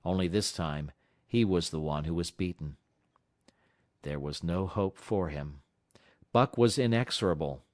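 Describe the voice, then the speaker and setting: A man reading a classic novel aloud as an audiobook narrator, in a measured, dramatic storytelling manner. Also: deep voice, a little mellow, no room sound, clean studio sound. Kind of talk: scripted narration.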